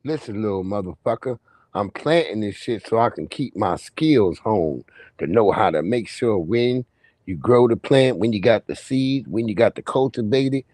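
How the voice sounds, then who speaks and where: Man doing a stern old uncle, gruff, cursing nonstop, low and barking, dry sound. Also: animated, moderate pace, a little mellow, no echo. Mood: lecturing. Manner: barking, curses every other word. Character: gruff profane older male uncle, a stern prepper.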